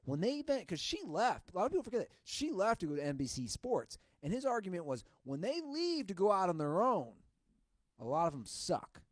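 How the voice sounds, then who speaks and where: A man's voice: high-pitched, wildly swooping pitch, fairly quick, no room sound, studio quality. A man co-hosting a podcast, chatting casually and emphatically about sports media. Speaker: podcast co-host. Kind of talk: casual chat.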